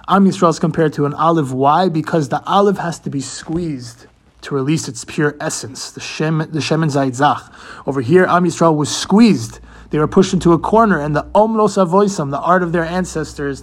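A man giving an earnest talk on the weekly Torah portion, asking rhetorical questions and mixing in Hebrew terms. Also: fairly high pitch. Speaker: Torah teacher.

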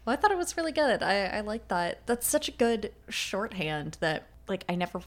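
A woman co-hosting a podcast in a casual book discussion, playful and quick to laugh. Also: medium pitch, big pitch swings. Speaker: podcast co-host.

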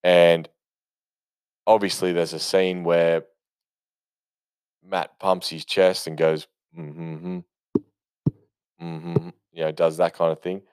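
A man's voice: low-pitched, flat delivery, slow, long pauses, a little mellow, clean tone, dry recording, clean studio sound. A man giving casual, rambling movie commentary, full of swearing and fillers and eager about what he loves. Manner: rambling, profane, enthusiastic storytelling with many fillers.

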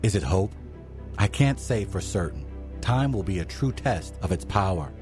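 A man doing an impression of a pompous male politician in the Kennedy style, with slow, grand oratory. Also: deep voice, lively intonation, music in the background, pitched below the performer's own voice. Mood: grandiose.

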